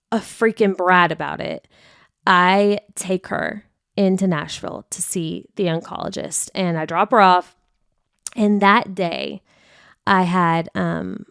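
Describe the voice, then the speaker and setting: A woman's voice: medium pitch, clear, resonant tone, no echo, clean studio sound. A young woman hosting a podcast, talking frankly and emotionally about hard personal events and acting out her own past outbursts. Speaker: podcast host. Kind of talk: candid confessional podcast monologue.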